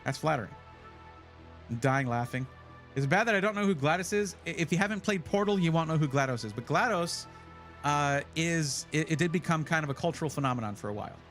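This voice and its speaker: A man's voice: fairly high pitch, expressive, fast talker, fairly bright tone, soft background music. A man hosting a casual livestream, chatty and rambling, often correcting himself as he talks. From United States. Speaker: livestream host.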